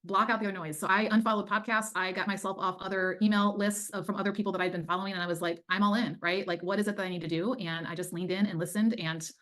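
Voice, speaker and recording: A woman's voice: mid-range voice, fairly even intonation, quick pace, few pauses, a bit bright. A middle-aged woman, a time management coach, telling her story as an interview guest in an earnest, faith-filled way. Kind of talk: casual interview chat.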